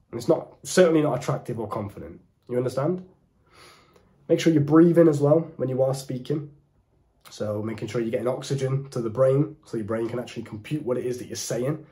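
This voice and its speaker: Young British man, coaching monologue, mellow timbre, mid pitch, emphatic delivery. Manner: emphatic, deliberate, preachy. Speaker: dating coach. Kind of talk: direct-to-camera advice talk.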